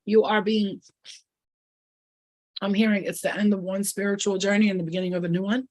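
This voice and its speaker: A woman with a mid-pitched voice talks straight to her viewers in a spiritual reading. She rambles and circles back on her words. She swears bluntly and with heat. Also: fairly even intonation, rapid-fire, darkish tone. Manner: blunt, profane and fiery when riled; rambling, repeats herself often. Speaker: spiritual reader. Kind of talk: intuitive reading to camera.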